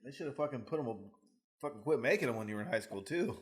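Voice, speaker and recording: A man's voice: mid-range voice, animated, quick pace. A male podcast co-host with a mid-range voice who trades crude jokes. He banters loosely and then settles into long, casual stories. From Fresno, California. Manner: joking, profane banter. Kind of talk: casual chat.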